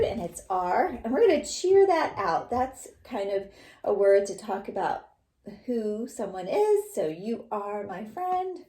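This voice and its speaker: A woman teacher giving a lesson to young children, speaking slowly and clearly. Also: medium pitch, mellow, roomy sound. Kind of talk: classroom lesson.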